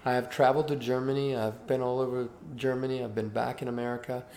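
A man's voice: mid-range voice, fast talker. A man in his sixties, originally from Cuba and with no accent, earnestly telling stories from his life as an interview guest. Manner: earnest, animated anecdote telling. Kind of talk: interview storytelling. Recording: roomy echo with faint background hiss.

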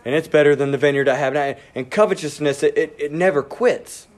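Male pastor, sermon delivery, slightly high voice, animated, speeds up and drops to a hush. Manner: animated, acts out inner voices, quickens and drops to near whisper.

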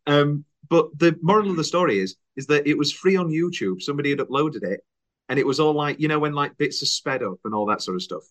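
A man's voice: fairly high pitch, fast. A young man hosting a casual film podcast, chatty and laughing often. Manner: chatty, laughs often, lively retelling with put-on voices. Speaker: podcast host.

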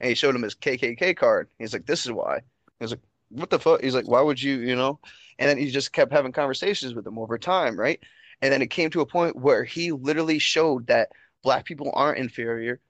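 A man hosting a casual podcast chat, swearing a lot and telling stories with animated energy. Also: mid-range voice, fairly quick, no room sound. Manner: heavy swearing, animated storytelling. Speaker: podcast host.

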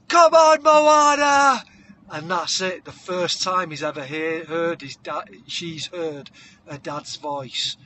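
A man with a high-pitched voice tells a comic story for a podcast. His tone is bright and sharp, and he keeps breaking into shouted voices and hummed tunes. A faint hiss sits behind him. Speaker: podcast co-host.

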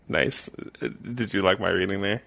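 A man's voice: sits low, gravelly, bright, forceful tone, slight background noise. A man co-hosting a podcast, chatting casually and laughing often as he recaps scenes. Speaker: podcast co-host. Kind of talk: casual chat.

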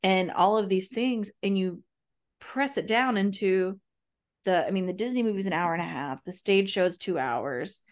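A woman co-hosting a podcast, telling stories in an animated way. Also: medium pitch, moderate pace. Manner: animated, storytelling. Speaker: podcast co-host. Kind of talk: casual chat.

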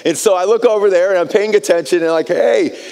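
An American man preaching a sermon, telling a personal story in an animated way and often repeating words as he starts a phrase. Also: high-pitched, fast, creaky. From United States. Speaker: pastor. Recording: long hall reverb.

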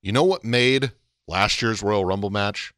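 Male podcast co-host, animated casual talker, bright voice. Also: fairly low pitch, a little slow, no room sound, studio quality. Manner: animated, rising to emphatic peaks. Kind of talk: casual wrestling chat.

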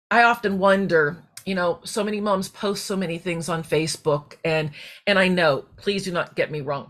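A middle-aged woman hosting a faith-based personal podcast, talking in a heartfelt, rambling way that wanders off on tangents. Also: on the low side. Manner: rambling, heartfelt, digressive, with restarts. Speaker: podcast host.

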